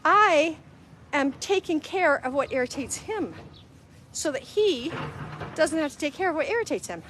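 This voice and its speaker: A woman's voice: high-pitched, big pitch swings, normal speed, fairly bright tone, a little hiss or hum. A middle-aged woman hosting a casual live-stream talk, earnest and conversational, acting out little quoted exchanges as she goes. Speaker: host.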